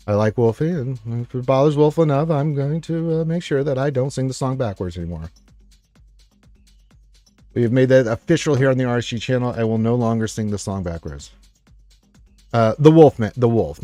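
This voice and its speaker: A man's voice: mid-range voice, mellow, no room sound. A man hosting a casual live stream, reading viewer comments aloud in an upbeat, rambling way with many fillers.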